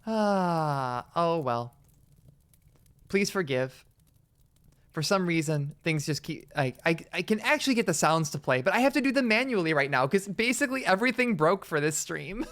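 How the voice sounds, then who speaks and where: A woman streaming a game live, chatting, giggling and thinking out loud. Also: fairly low pitch, animated, normal speed.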